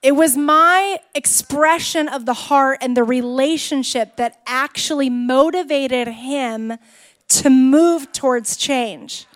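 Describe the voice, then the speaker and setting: High-voiced woman preaching conversationally. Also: takes it slowly. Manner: conversational, with frequent restarts. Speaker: pastor. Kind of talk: sermon with personal storytelling.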